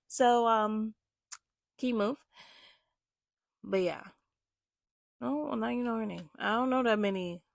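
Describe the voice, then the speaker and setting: A young adult woman casually telling stories in an animated, emphatic way, with lots of "like". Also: mid-range voice, gravelly, no echo, studio quality. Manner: animated, emphatic, heavy use of "like". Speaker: vlogger. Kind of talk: casual storytelling.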